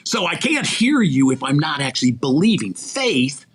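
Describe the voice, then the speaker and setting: Male podcast guest, recruiter type, sermon-like motivational talk, lively swinging pitch, breathy edge. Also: moderate pace. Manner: animated, preachy, asks rhetorical questions. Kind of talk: faith-centered motivational conversation.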